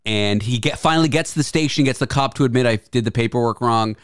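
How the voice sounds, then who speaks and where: A man's voice: mid-range voice, fast talker, clear, resonant tone, no room sound, studio quality. A male radio host in casual chat, teasing his guest with wry jokes.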